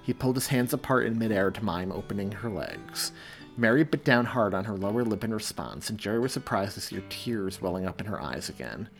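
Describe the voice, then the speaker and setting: A man reads his own story aloud in a measured, expressive audiobook style. His voice sits fairly low, and faint music plays underneath. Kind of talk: audiobook narration.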